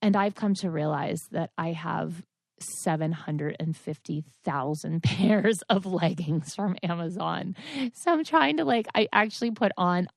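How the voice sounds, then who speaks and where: A woman hosting a podcast alone, chatting casually in a rambling way, often correcting herself and filling pauses with "like" and "um". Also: on the low side, vocal fry, no echo, studio quality. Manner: rambling, chatty, self-correcting with many fillers. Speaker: podcast host. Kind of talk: casual solo chat.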